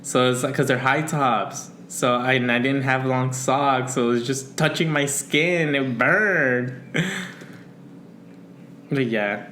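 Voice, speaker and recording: A man's voice: mid-range voice, steady tone, slow pace, bright, forceful tone. A young man co-hosting a podcast, telling a rambling story in casual chat and laughing often. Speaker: podcast co-host.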